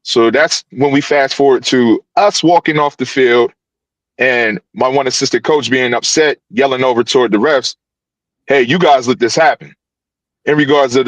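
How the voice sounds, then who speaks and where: A youth football coach telling a story on a podcast over a video call, animated and full of restarts. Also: male voice, medium pitch, moderate pace, no room sound, low-quality recording. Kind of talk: casual podcast guest recounting events.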